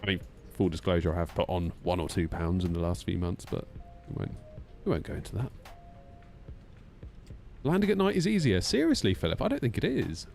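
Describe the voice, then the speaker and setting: A man's voice: low-pitched, sing-song, fairly quick, gravelly, darkish tone, soft background music. A man streaming a flight sim, chatting casually, teasing himself and answering chat aloud. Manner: chatty, self-mocking, reads chat aloud.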